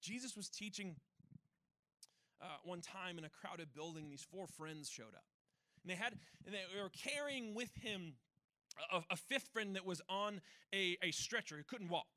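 Bright, high-voiced male preacher. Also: no echo. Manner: animated storytelling with rhetorical questions. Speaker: church pastor. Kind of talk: sermon.

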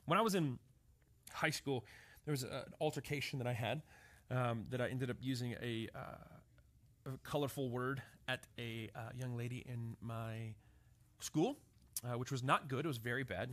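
Bright-voiced preacher man telling stories. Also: mid-range voice, fairly even intonation, moderate pace. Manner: storytelling, often asks "right?". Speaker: pastor. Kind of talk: sermon.

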